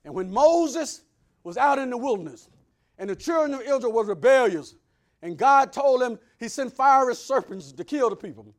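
A man preaching a sermon, swinging between loud preaching and hushed asides. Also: very high-pitched, expressive, normal speed. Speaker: pastor.

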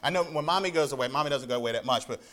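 A man in his thirties preaching a sermon in a church, animated, often repeating words as he builds up. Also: mid-range voice, racing, slight background noise. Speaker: pastor.

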